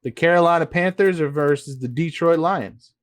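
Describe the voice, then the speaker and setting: A man's voice: fairly high pitch, normal speed, no room sound. A man hosting a sports podcast, casually reading out each matchup and making his picks. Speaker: podcast host.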